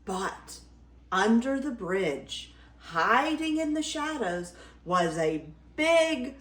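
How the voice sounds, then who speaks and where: Older woman, grandmotherly storyteller, very slow and expressive, echoey room. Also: on the high side. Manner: expressive, slow dramatic reading. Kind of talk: reading a fairy tale aloud. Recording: roomy echo.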